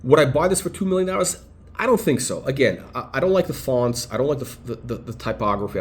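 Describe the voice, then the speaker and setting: A man's voice: medium pitch, sing-song, fairly quick. A man reviewing a luxury watch in a casual, unscripted way, rambling and blunt, often stopping mid-sentence to search for a word. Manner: rambling, blunt, full of hesitations and restarts.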